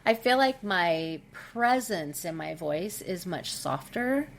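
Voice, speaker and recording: A middle-aged woman speaking as a podcast guest over a video call, candid and expressive, with frequent fillers. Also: lowish voice, takes it slowly, gravelly, a little hiss or hum. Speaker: guest, intimacy coach. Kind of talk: casual podcast conversation.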